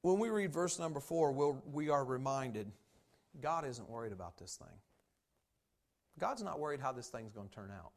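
A man preaching a sermon as pastor, folksy and animated, with many fillers and asides. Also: mid-range voice, moderate pace, gravelly.

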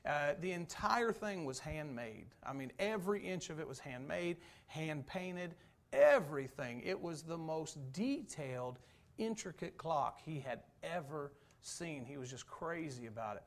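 A pastor in the pulpit with a notably high voice for a man. He moves between a relaxed, folksy storytelling manner and emphatic preaching. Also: unhurried. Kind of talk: sermon.

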